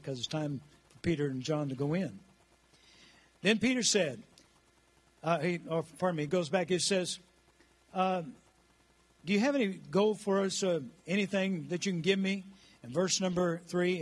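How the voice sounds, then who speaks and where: A man in his sixties preaching a rousing sermon in church and calling on the congregation to answer back. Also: high voice. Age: 60s. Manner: rousing, calls the congregation to respond. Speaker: pastor.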